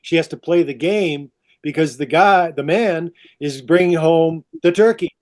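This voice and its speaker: A man on a podcast telling a long story in a lively, animated way. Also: on the high side, a little slow. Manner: lively, repeats 'all of a sudden'. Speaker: podcast guest.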